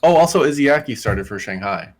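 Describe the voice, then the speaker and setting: A man's voice: medium pitch, lively intonation, a little fast. A man co-hosting a casual esports podcast, laid-back and swearing now and then. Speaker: podcast co-host.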